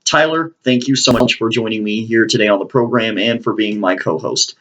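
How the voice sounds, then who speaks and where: A male podcast host telling a comic story from his own life in an animated, slangy way. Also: lowish voice, fairly quick, dry recording.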